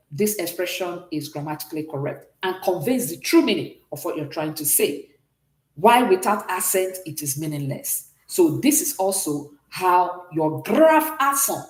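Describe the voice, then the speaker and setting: A woman's voice: lowish voice, darkish tone, echoey room. A woman teaching a beginners' French class online, explaining patiently and checking in often with the students.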